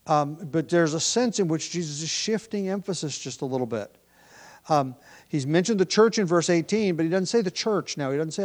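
A man's voice: a little high, normal speed. A man preaching a sermon as pastor, thinking aloud with frequent fillers and restarts. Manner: prays in a hushed, quieter voice.

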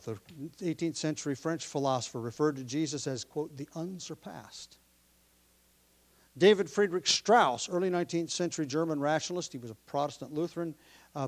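A pastor preaching a sermon, explaining the text from his notes and pressing his listeners with forceful questions. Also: fairly high pitch. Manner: teaching from notes, explains word meanings.

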